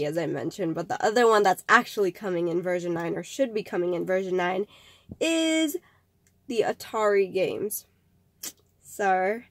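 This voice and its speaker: A woman's voice: medium pitch, no echo. A woman hosting a casual vlog, rambling in a chatty way with frequent laughs and filler words. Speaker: vlog host.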